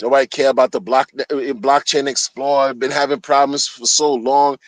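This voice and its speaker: A man's voice: medium pitch, steady tone, normal speed, no echo, low-quality recording. A man streaming a heated solo rant, agitated and profane, often repeating himself.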